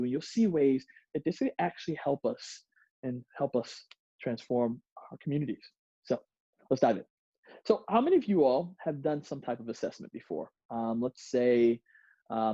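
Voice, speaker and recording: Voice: medium pitch, warm tone, no echo, dull audio. A presenter giving a diversity workshop to a group in a playful way, acting out examples and laughing often.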